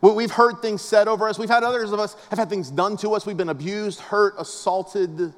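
High-voiced joking pastor in a reverberant hall. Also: male voice, fairly even intonation, a little fast. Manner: casual, joking storyteller with a preaching cadence. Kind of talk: humorous conversational sermon. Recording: long reverb of a large hall.

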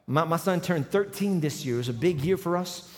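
A male pastor in his forties with a fairly high voice, telling a funny story to his congregation. He swings from quiet asides into loud, driving emphasis, and his voice rings with the long reverb of a large church hall. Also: lively intonation, a little fast. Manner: storytelling, humorous, builds to loud emphatic runs. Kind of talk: sermon.

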